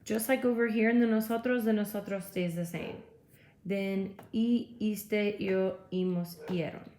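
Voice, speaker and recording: A woman's voice: mid-range voice, fairly even intonation, unhurried, mellow. A woman teacher giving a classroom lecture, explaining step by step and checking in with frequent okays. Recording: echoey room, faint noise.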